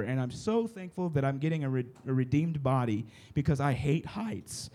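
A man's voice: mid-range voice, lively intonation, moderate pace, hardly any pauses, dark tone. Conversational male preacher. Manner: conversational, keeps checking in with the listeners. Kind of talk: casual sermon to a youth group. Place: room with a live audience.

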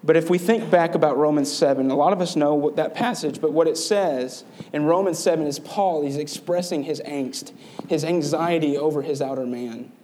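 A man's voice: a little high, normal speed, darkish tone, a little hiss or hum. A man delivering a sermon as pastor, earnest and conversational, asking his listeners rhetorical questions.

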